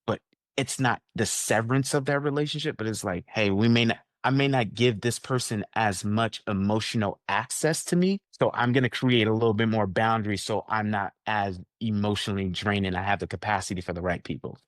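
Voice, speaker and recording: A man as a guest coach in a conversational interview, acting out the people he quotes in lively voices. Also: fairly low pitch, a little fast, no room sound, clean studio sound.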